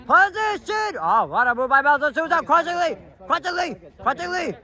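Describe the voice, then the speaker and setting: A man giving excited amateur play-by-play from the sideline of an outdoor stadium field, shouting at big plays and calling out to players and the referee. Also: high voice, moderate pace, some chatter behind. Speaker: sideline commentator filming the match.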